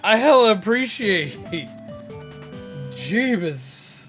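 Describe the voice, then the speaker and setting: A frazzled, excitable man streaming a game live, exclaiming and thanking viewers, with game music behind. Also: high voice, slow pace. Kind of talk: live gaming stream chat.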